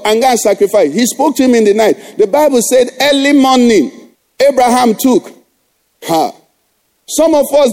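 A man's voice: very high-pitched, darkish tone. A middle-aged male pastor preaching a sermon, exhorting the congregation with rhetorical questions.

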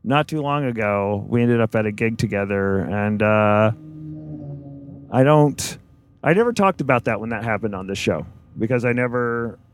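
A man hosting a podcast, chatting casually and jokily with a guest and firing off quick questions. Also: on the low side. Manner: chatty, jokey, asks lots of quick questions. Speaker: podcast host. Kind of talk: casual interview chat.

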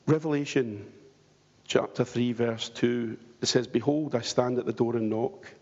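A man's voice: medium pitch, steady tone, measured pace, mellow, husky. A man preaching a sermon in church, earnest and pleading, asking the congregation rhetorical questions. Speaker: pastor. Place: church hall. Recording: dull lo-fi church hall recording with long reverb.

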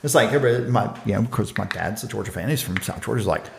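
A man's voice: lowish voice, rapid-fire, creaky. A man co-hosting a podcast, chatting casually about college football with lots of restarts and laughs. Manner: animated, restarts, laughs often. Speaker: podcast co-host. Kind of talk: casual sports chat.

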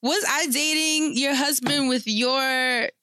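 A young woman co-hosting a casual podcast, expressive and blunt in her reactions. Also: high-pitched, slow pace, no echo, clean studio sound. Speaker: podcast co-host. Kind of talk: casual chat.

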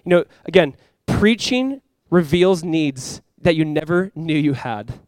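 Young male pastor, high voice, casual and animated sermon delivery, dry close recording. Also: measured pace, dry recording. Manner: animated, with sudden loud bursts and quiet asides; casual, conversational preaching with fillers and restarts. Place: church.

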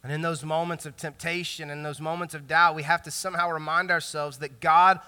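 A man preaching a sermon as pastor, animated and joking, in a casual conversational way with lots of filler words. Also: a little high, a little fast, clear, resonant tone. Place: large church hall. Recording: long hall reverb in a church.

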